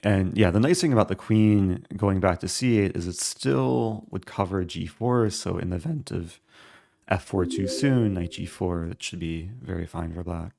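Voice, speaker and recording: Deep, gravelly-voiced man thinking aloud. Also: moderate pace, dark tone, dry recording, clean studio sound. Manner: thinking aloud while calculating moves. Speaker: chess streamer. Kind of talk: live-stream game commentary.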